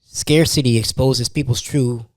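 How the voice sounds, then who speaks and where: Podcast host, young man, tired, slangy casual delivery, mellow dark tone, dry close sound. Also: medium pitch, fairly even intonation, measured pace, dry recording. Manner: street slang, loose and conversational. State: tired, yawning. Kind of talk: casual monologue.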